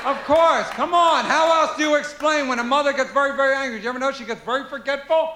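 A man's voice: very high-pitched, fast, sharp tone. A male stand-up comedian performing a routine on a live stage, firing rhetorical questions at the audience. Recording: echoey live venue with crowd noise.

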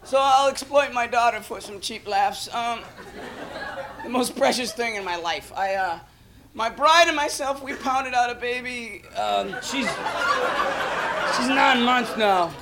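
A young man doing an animated, rambling stand-up comedy set, acting out bits. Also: extremely high pitch, measured pace, pauses often. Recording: live club with noisy laughing crowd. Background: audience laughter and noise.

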